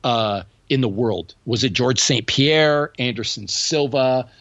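A man's voice: medium pitch, slow pace, a bit bright, dry recording, muffled recording. A man hosting a podcast, chatting casually and telling joking stories with lots of restarts. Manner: joking storyteller, trails into restarts. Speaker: podcast host. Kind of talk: casual chat.

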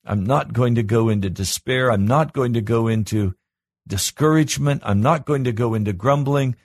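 A man preaching as a pastor, earnest, his voice climbing higher and louder when he presses a point. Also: moderate pace, no room sound. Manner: earnest, rises in pitch and volume when stressing a point. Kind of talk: sermon.

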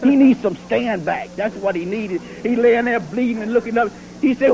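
A man's voice: sits high, fairly quick, vocal fry, few pauses, a little mellow, slight background noise, low-quality recording. A man cutting a boastful, taunting wrestling promo in rhyming, preacher-like brags, heard from an archive TV clip. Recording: archive TV clip with cheering crowd.

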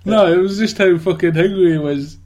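A man's voice: high-pitched, brisk, darkish tone, lo-fi sound. A man with a slightly raised voice chatting crudely about a film, swearing constantly. He answers his friend in short bursts and lets loose with playful, mock-outraged rants. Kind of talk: casual chat recapping a film.

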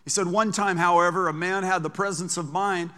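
A man's voice: high-pitched, fairly even intonation, brisk, bright, forceful tone. A man preaching a sermon as pastor, emphatic, reading scripture aloud and repeating words for stress. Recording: long hall reverb.

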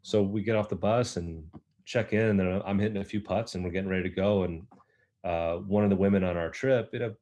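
A man, a golf professional, telling a relaxed story in an interview. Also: low-pitched, fairly quick. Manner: relaxed, anecdotal, many fillers.

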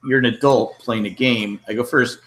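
A man co-hosting a podcast who tells personal anecdotes in casual chat and laughs as he goes. His voice has a bright edge. A faint hiss sits under the recording. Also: mid-range voice, fairly even intonation, moderate pace. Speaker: podcast co-host.

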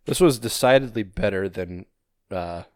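A man's voice: lowish voice, normal speed, dry recording, studio quality. A man co-hosting a podcast in casual chat, laid-back and full of fillers, swearing now and then. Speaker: podcast co-host.

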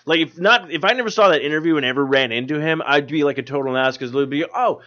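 A man's voice: on the high side, fast, pushed and bright. Rambling, cussing male podcast co-host. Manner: rambling, profane, puts on silly voices. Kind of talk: casual podcast chat. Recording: dull lo-fi audio.

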